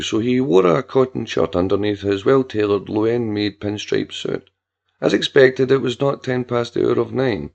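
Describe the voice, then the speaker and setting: A man narrating a story in a steady, measured way. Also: fairly low pitch, creaky. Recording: dull lo-fi recording.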